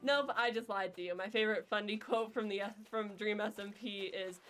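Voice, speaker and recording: A woman streams a video game, chatting with viewers in a casual, playful, jokey and rambling way. Her medium-pitched, slightly bright voice moves at a moderate pace with hardly any pauses. Faint music plays behind her.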